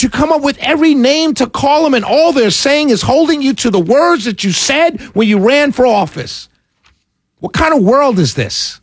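A man's voice: very high-pitched, lively intonation, normal speed, no echo. A man hosting a talk radio show, ranting passionately and raising his voice into a close studio mic. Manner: passionate, ranting, raises voice when angry.

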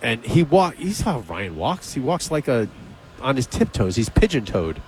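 Male radio host, mid-range voice, animated storyteller who acts out the quotes. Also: medium pitch, moderate pace, noisy background. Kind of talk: casual radio banter, storytelling.

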